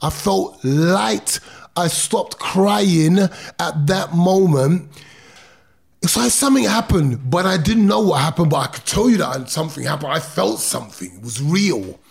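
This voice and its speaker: Speaking a little slowly in a high, animated voice that is creaky and slightly rough, a middle-aged ex-boxer recounts his life in an interview. He is intense and emphatic, drawing words out and dropping street slang as he tells his emotional story.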